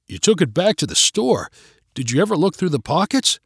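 A man's voice: fairly high pitch, very animated, a little fast, breathy edge, dry recording, clean studio sound, exaggerated voice. A man voicing an earnest, frustrated young boyfriend in a read-aloud story. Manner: earnest, exasperated.

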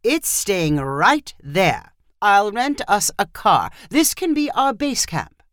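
A woman's voice: medium pitch, very animated, slow, a bit bright, no room sound, clean studio sound. A woman voicing a stubborn, frazzled British husband who talks in clipped, determined lines.

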